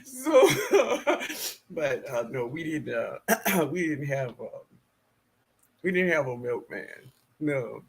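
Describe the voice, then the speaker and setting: A man's voice: medium pitch, slow pace, gravelly, pauses often, slightly rough. A middle-aged man hosting a live gardening stream, reading the chat aloud and greeting viewers by name, laughing often.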